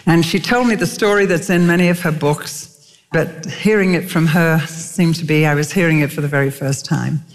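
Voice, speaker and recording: A woman's voice: low-pitched, steady tone, moderate pace. A woman preacher telling stories in a sermon, emphatic, with sudden lifts in her voice. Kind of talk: sermon storytelling. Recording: long reverb of a large hall.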